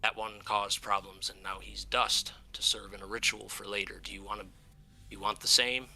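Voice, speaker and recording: A man's voice: on the low side, little pitch movement, normal speed, bright, forceful tone. A man voicing a scornful, menacing male elf villain in a tabletop game. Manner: contemptuous, threatening.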